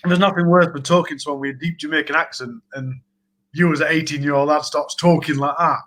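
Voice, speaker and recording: Hosting a casual livestream chat, a Sheffield man with a Yorkshire accent rambles and laughs often in a chatty way. His voice is a little high and a bit bright, steady in tone and quick in pace, on a low-quality recording.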